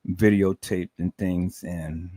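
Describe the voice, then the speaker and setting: A man's voice: low-pitched, steady tone, slow, mellow. A man hosting a livestream, talking emotionally and emphatically, repeating words and stammering as he addresses his viewers as "people". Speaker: live stream host.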